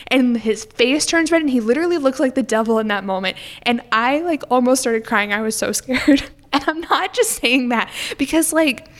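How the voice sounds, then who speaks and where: A woman's voice: high-pitched, expressive, normal speed, few pauses. A woman co-hosting a podcast in a casual film discussion, chatty and full of "like" as she retells scenes.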